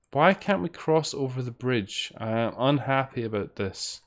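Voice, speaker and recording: A man's voice: medium pitch, animated, moderate pace, hardly any pauses. A man giving rambling, casual commentary while streaming a game, swearing now and then. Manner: rambling, chatty, swears when frustrated. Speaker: streamer playing fangames.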